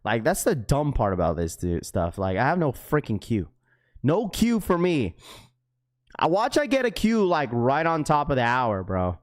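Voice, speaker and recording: A young man livestreaming to his chat in a casual, slangy way, getting excited and repeating himself. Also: mid-range voice, normal speed. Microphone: webcam setup.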